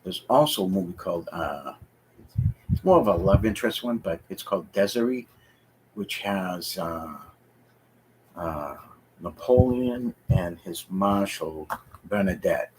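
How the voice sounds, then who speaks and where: Deep-voiced man rambling on a live stream. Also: slight background noise, rough recording. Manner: rambling, hesitant, thinking aloud with many fillers. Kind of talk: casual live-stream chat. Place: home basement.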